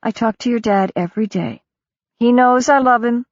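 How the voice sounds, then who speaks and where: A woman narrator voicing a weary middle-aged mother, gentle and firm, on a dull lo-fi recording. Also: on the high side, normal speed, no room sound, voice pushed up, natural voice.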